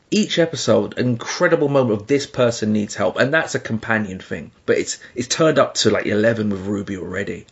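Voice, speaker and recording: A man co-hosting a podcast, talking in an animated, emphatic way with laughing asides. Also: on the low side, slightly rough, highs cut off. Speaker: podcast co-host. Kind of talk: casual discussion.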